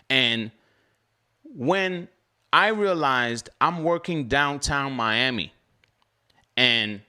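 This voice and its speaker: A young man telling his story as a delivery driver in a casual live-stream chat, animated and climbing higher when he gets heated.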